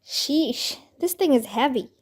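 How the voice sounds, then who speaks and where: A woman reading aloud and voicing a bossy teenage girl babysitter who yells frantically, then grumbles firmly. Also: high-pitched, animated, slow, breathy edge, heavily acted. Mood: grumpy.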